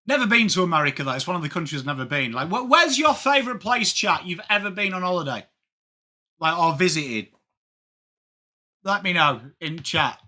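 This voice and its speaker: A man's voice: high voice, animated, brisk, sharp tone. An English man hosting a casual live sports watchalong, chatting with viewers and greeting them by name. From England. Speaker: livestream host.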